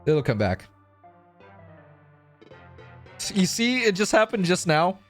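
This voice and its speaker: A man's voice: high-pitched, big pitch swings, moderate pace, faint music behind. A young man streaming live, rambling through a profane, self-mocking story and losing his train of thought.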